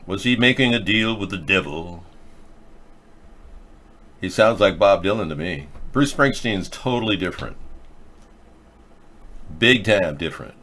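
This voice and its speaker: Rambling through topic after topic on his own show, a middle-aged host gets sarcastic in a low voice. He's expressive and unhurried, leaving long pauses, with a bright, forceful tone.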